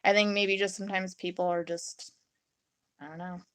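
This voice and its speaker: A woman's voice: mid-range voice, flat delivery, normal speed, a bit bright, no room sound, clean studio sound. Chatty young woman streaming her crafting. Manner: chatty and rambling, reads and answers chat; acts out her own reactions in quotes. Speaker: resin crafter live-streaming. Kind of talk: casual live-stream chat while crafting.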